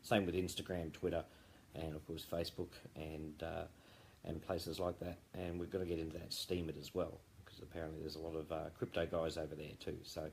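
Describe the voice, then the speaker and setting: A man's voice: a bass voice, flat delivery, fairly quick, vocal fry, a little mellow, a little hiss or hum. A man founder giving a rambling, jokey live update late at night, full of fillers and restarts.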